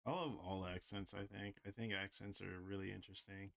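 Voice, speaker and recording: A man's voice: deep voice, fairly even intonation, a little fast, creaky, a bit bright. A man livestreaming while he draws, chatting casually and rambling with lots of "like". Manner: rambling, heavy use of "like". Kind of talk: casual chat while drawing.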